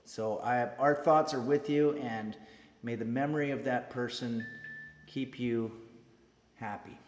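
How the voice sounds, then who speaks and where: Slow, soft-spoken man in a reverberant room. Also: medium pitch, fairly even intonation, slight background noise. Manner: soft-spoken and hesitant, many pauses and fillers. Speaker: cooking stream host. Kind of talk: casual chat to stream viewers. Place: home kitchen streaming setup.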